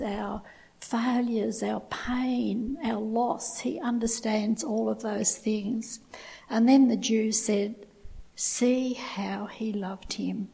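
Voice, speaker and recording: A woman's voice: on the high side, vocal fry, warm tone, husky, rough recording. A woman teaching from the Bible in a conversational way, retelling the story and adding her own asides. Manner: retells scripture with personal asides.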